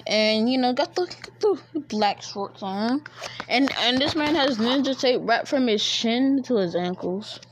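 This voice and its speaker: A woman's voice: on the high side, unhurried, background noise. A woman casually telling a made-up fan story, rambling and slangy with many fillers.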